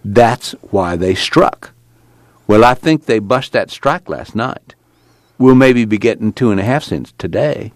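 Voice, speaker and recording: A man playing a beaten-up young farmhand in a story reading, drawling in rough rural dialect, a bit higher than the reader's own low voice and very lively in pitch. it's a dry, close recording. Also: a little slow, dry recording. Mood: anguished. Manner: drawling rural dialect, raises to strained grief. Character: young man, battered, weary and shaken.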